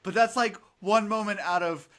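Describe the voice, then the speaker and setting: Bright-voiced, rambling podcast guy. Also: high voice. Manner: rambling, profane, quick to laugh. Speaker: podcast host. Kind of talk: casual chat.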